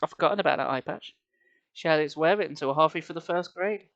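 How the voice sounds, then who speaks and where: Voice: medium pitch, fast, creaky, fairly bright tone, dull audio. A streamer reading a children's horror book live on stream, dry and sarcastic, speaking into a headset.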